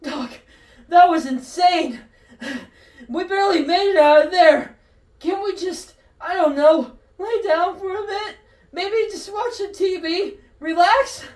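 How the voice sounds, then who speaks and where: A woman voicing a nervous, exasperated young man who whines and yells in alarm, recorded in a roomy space from a distance. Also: extremely high pitch, takes it slowly, voice pushed up. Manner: whiny, yelling in alarm. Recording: roomy echo, distant from mic.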